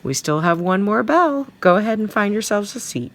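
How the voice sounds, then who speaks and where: A woman voicing a stern, brisk middle-aged female homeroom teacher in a storybook reading. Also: mid-range voice, lively intonation, voice pushed up, close to an everyday voice. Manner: brisk, commanding.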